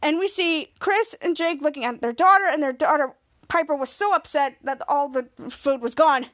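A woman's voice: sits high, moderate pace, a bit bright. A woman podcast host giving a chatty, rambling recap of a TV episode. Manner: chatty, rambling storytelling with many restarts.

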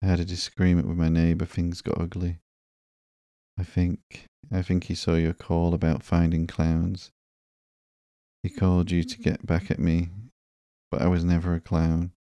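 A man reading the lines of a captured male goon who pleads his innocence, in a low, gravelly voice. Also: monotone, moderate pace, dark tone, no echo. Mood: pleading. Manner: pleading, defensive.

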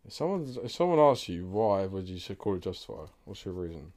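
A young man co-hosting a casual podcast in a relaxed, teasing way. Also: low voice, a little fast. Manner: laid-back, teasing. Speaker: podcast co-host. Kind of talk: casual chat.

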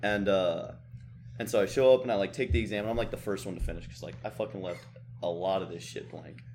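A man's voice: low-pitched, fairly even intonation, fast talker, a little mellow, a little hiss or hum. A young man on a podcast, telling a college story in a laid-back, cursing way. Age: young adult. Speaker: podcast co-host.

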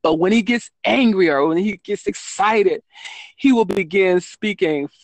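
A woman's voice: mid-range voice, measured pace, a little mellow, no room sound. A woman author talking casually in an interview, rambling with frequent ums and self-corrections. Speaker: children's book author, guest.

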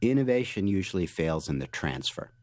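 Deep-voiced man telling animated stories. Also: fairly quick, no echo. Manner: animated storyteller, restarts often. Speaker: guest author. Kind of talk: interview answers.

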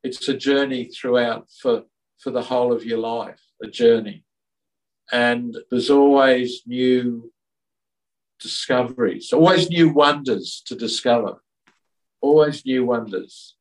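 A man being interviewed, talking in an earnest, reflective way with halting restarts. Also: mid-range voice, distant mic, rough recording. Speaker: interview guest. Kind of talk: reflective conversational storytelling.

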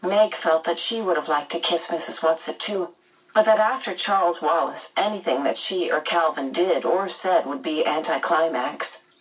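A woman narrating a storybook chapter aloud in a measured, gentle way. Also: low-pitched, far from the mic, poor audio. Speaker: audiobook narrator.

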